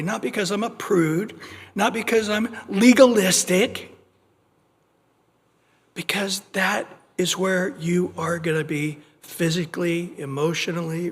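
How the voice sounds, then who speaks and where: A man preaching an expository sermon as pastor, conversational and animated, acting out small everyday scenes and restarting his words as he goes. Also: sits high. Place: church sanctuary. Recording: long reverb of a church hall.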